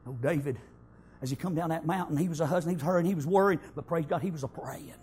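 A man preaching a sermon, telling the story in folksy speech, breaking into shouted bursts and scattering amens through his lines. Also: a little high, fast talker, slight background noise.

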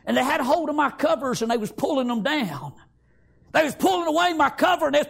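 A man giving a fervent sermon testimony, swinging from shouts to hushed tones and repeating phrases. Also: extremely high pitch, sing-song, fairly quick, gravelly.

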